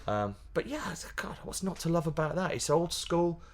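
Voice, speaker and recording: A man, a pantomime comedian chatting as a guest in a casual interview, animated and laughing, often restarting his sentences. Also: on the high side, moderate pace. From Yorkshire, England.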